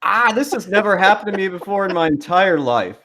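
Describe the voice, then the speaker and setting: A man's voice: high voice, animated, fairly quick, fairly bright tone. A male podcast co-host in casual chat, laid-back and laughing often between fillers.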